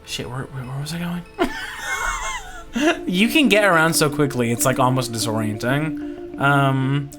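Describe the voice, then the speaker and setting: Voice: mid-range voice, animated, slow, pauses often, over music. A let's play host giving casual gameplay commentary, chatty and giggly, swearing freely.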